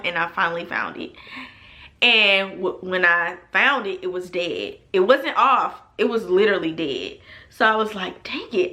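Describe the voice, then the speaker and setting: Mujer animada contando una historia, voz brillante. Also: female voice, mid-range voice. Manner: animated and emphatic, addresses viewers as y'all. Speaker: storytelling vlogger. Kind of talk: casual storytime vlog.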